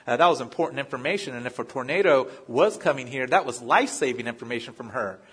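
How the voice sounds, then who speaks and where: A man's voice: mid-range voice, lively intonation, fast, fairly bright tone, husky. A male pastor giving a sermon in a conversational way, telling personal stories and often restarting his phrases. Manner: conversational, story-driven preaching with frequent restarts.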